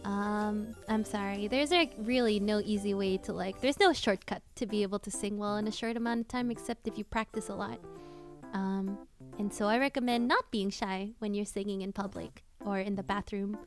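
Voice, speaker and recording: Over soft background music, a woman VTuber streamer and cover singer gives her chat casual singing tips in a steady, medium-pitched voice at a moderate pace. She's chatty and loose, with lots of fillers and restarts.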